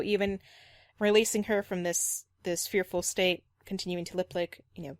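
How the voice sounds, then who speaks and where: A woman's voice: lowish voice, flat delivery, normal speed, dry recording. A woman dog trainer giving reaction commentary, critical and explanatory, repeating her points firmly.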